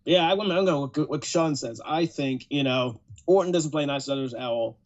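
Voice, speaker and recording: A man's voice: mid-range voice, fairly quick. A man hosting a podcast in casual chat, laid-back and laughing easily. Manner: laid-back, laughing, "yes sir" affirmations. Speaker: podcast host. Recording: dull lo-fi.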